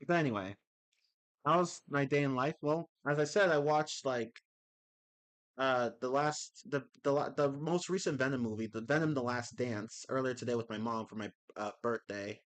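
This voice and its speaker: On a livestream, a man with a mid-range, slightly bright voice rants casually at a moderate pace. He rambles, restarts often, and laughs into his words.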